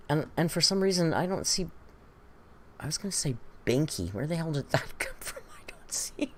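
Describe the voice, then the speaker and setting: Lively, chatty British woman streamer. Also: low voice, slight background noise. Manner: chatty and gossipy, laughs often, muses aloud. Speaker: reaction streamer. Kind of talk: casual commentary on video clips.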